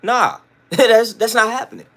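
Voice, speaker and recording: A man's voice: high voice, wildly swooping pitch, a little slow, bright, forceful tone. Blunt, slangy man ranting to his chat. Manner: emphatic, repetitive, slangy, blunt. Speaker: livestream host. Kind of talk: livestream rant to chat.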